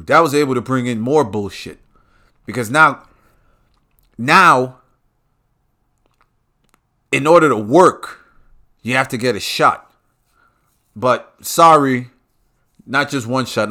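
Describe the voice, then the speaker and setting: A man's voice: mid-range voice, expressive, a little slow, long pauses, bright, forceful tone. A man delivering a heated, profane and repetitive ranting monologue.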